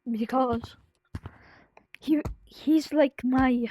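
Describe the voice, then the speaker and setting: A woman talking to her viewers in a personal vlog, grieving and close to tears, in a sad voice that halts, restarts and slips into soft whispers. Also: sits high, fairly even intonation, no echo, low-quality recording. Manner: halting, full of restarts and fillers, drifting into soft whispers. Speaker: vlogger.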